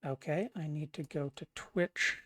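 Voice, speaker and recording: A streamer chatting quietly and casually at night into a desk microphone. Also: mid-range voice, measured pace, background noise. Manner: quiet, subdued. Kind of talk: casual live-stream chat. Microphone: desk mic.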